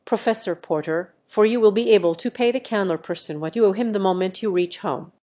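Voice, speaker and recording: Calm, direct jungle-raised man, read by a synthetic woman's voice, plain delivery. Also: medium pitch, brisk, close to an everyday voice. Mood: calm firm.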